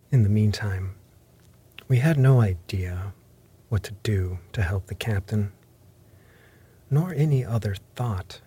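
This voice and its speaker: A man narrating a classic adventure novel in measured, scripted storytelling, sometimes dropping into half-whispered phrases. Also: on the low side, mellow, husky. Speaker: audiobook narrator.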